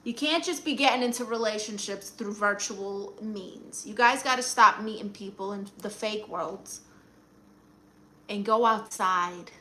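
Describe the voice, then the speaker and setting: Her voice is mid-range and sharp-toned, and she talks a little slowly in a Brooklyn accent; she's from Brooklyn, New York. As a livestream host giving advice, she sassily responds to viewer comments, teasing them and calling them honey.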